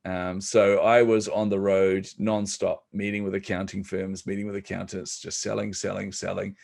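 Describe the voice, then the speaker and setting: Gravelly New man telling stories. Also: sits low, moderate pace. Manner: relaxed, joking, many ums. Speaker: podcast guest, entrepreneur. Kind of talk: casual storytelling interview.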